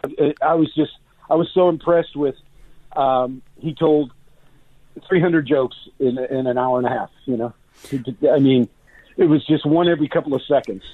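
A man who works as a voice actor, chatting in a radio interview and breaking into quick character voices. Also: mid-range voice, no echo. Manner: animated, drops into voices and impressions. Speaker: voice actor guest. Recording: tinny phone-line sound.

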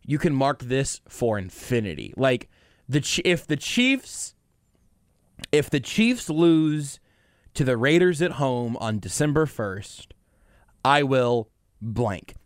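A man hosting a sports talk radio show, delivering brash, animated hot takes at a rapid clip. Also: mid-range voice, dry recording, studio quality. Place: radio studio.

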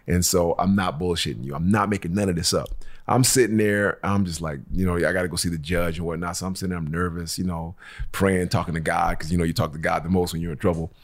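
A man's voice: low voice, steady tone, fast. A man on a casual podcast telling a long story, acting out every quote and swearing freely as he goes. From Los Angeles local. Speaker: podcast co-host.

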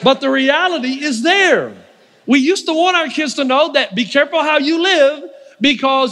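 A man preaching a sermon, telling stories in an animated way, acting out the voices of the people he quotes and often laughing. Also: very high voice, moderate pace, long reverb tail. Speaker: pastor. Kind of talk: storytelling sermon.

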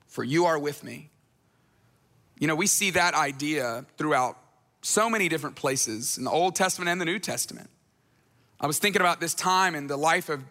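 Male pastor, conversational sermon delivery, high and bright, reverberant large hall. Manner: conversational, acts out voices in retellings.

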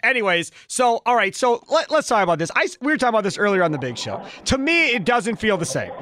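A man hosting a midday sports radio show, bantering quickly with a guest from a studio microphone. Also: sits high, very animated, fairly bright tone, slight background noise. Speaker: radio sports talk host. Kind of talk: casual sports radio talk.

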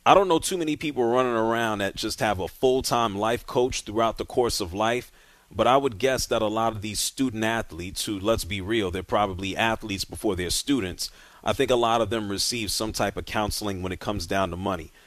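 A man hosting a sports talk radio show, speaking casually and directly and moving callers along briskly. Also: on the low side, fairly bright tone, dry recording.

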